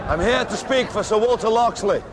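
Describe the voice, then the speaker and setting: An actor playing a middle-aged medieval outlaw leader, giving a slow, declamatory rousing speech in a film. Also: male voice, high-pitched, a crowd in the background, background noise, close to an everyday voice.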